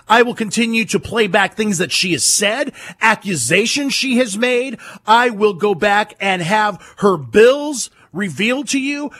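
A man hosting a political talk radio show, combative and mocking with a husky voice. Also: high voice, fairly bright tone, slight background noise. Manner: combative, mocking, rapid-fire.

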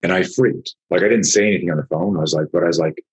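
This older-sounding man, like a martial arts teacher, speaks very fast in a very low, husky voice. He tells a casual story full of swearing and animated impressions of the people involved, recorded with lo-fi sound.

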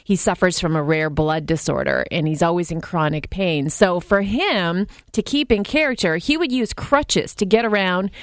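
A woman's voice: lowish voice, moderate pace, hardly any pauses, no room sound, studio quality. Chatty woman radio co-host. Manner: chatty, laughs often. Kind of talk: casual radio chat.

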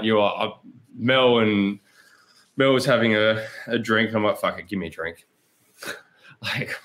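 An Australian man in his thirties speaks in a fairly low voice as a podcast guest. He tells his story bluntly and candidly, with plenty of swearing and frequent laughter. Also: a bit bright. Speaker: guest, pro cyclist. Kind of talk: casual podcast chat.

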